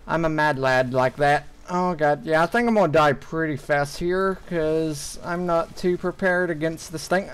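A young man with a slightly high, unhurried voice narrates his own gameplay for viewers on a rough recording. He's a gaming YouTuber who launches into frustrated, swear-heavy rants whenever things go wrong.

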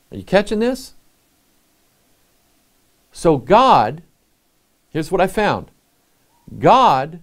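A man's voice: a little high, a little mellow. A man, a pastor preaching a sermon in a folksy, conversational way, reading King James scripture aloud and asking his listeners rhetorical questions.

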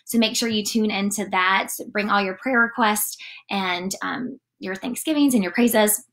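A woman giving a casual morning devotional, chatty and animated, often saying "like" as she reads and talks. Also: medium pitch, a little slow. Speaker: church devotional leader.

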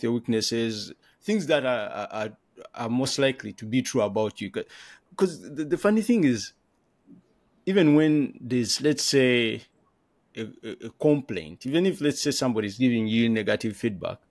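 A man's voice: mid-range voice, darkish tone, no echo. A man talking casually as a podcast guest, laughing often and repeating words while he thinks. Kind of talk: casual conversation.

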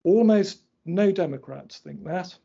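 Husky man giving a lecture. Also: high-pitched, warm tone. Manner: explaining slides point by point, measured and precise. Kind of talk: academic lecture. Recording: dull lo-fi lecture recording.

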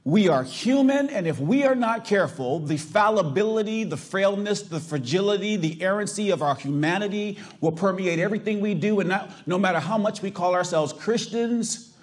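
A man's voice: high voice, expressive, normal speed. A middle-aged male pastor from the US South with a Californian accent, preaching emphatically and asking the congregation rhetorical questions. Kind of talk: sermon.

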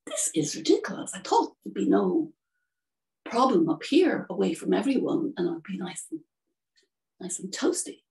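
A woman's voice: big pitch swings, moderate pace, creaky. A woman putting on a chirpy little swallow. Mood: annoyed. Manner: high, bright bursts of surprise. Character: chirpy little male swallow, restless and chatty. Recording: distant from the mic.

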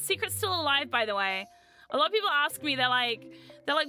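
Bright chaotic New Zealand woman streamer. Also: high voice, very animated, a little fast, soft background music. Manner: chaotic, loud, laughs often, bursts into screams. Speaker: VTuber streamer. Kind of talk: casual livestream chat.

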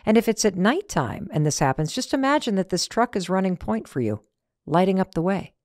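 A woman hosting a podcast, giving a lively, emphatic motivational talk full of rhetorical questions and acted-out asides. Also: mid-range voice, a little fast, no room sound, studio quality. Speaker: podcast host.

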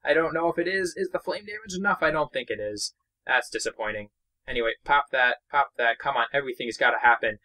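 Young guy from boston doing game commentary, bright voice, gets hyped and chatty. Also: medium pitch, quick pace, poor audio. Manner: excitable, chatty, narrates own moves. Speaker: gaming YouTuber. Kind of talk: let's play commentary.

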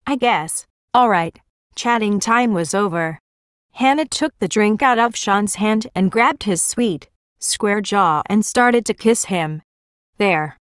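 A woman reading a novel aloud as an audiobook narrator, in a steady, even manner. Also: mid-range voice, slow, clean tone, no echo, studio quality.

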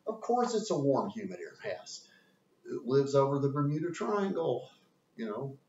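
Man teacher, chatty, lively pitch, roomy dull recording from off the mic. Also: moderate pace. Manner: chatty, asks and answers his own questions. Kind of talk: informal weather lesson. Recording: roomy, distant, dull sound.

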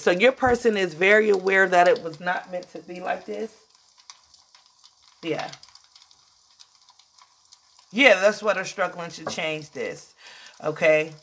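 A woman's voice: fairly low pitch, slow, pauses often, fairly bright tone, slight background noise. Emotional chatty woman tarot reader. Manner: chatty, emotional, calls listeners "child". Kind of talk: casual tarot reading.

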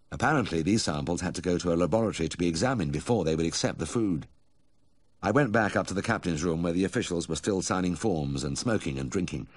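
A man reading an audiobook in a measured, unhurried way. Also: low voice, dry recording. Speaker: audiobook narrator. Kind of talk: scripted audiobook narration.

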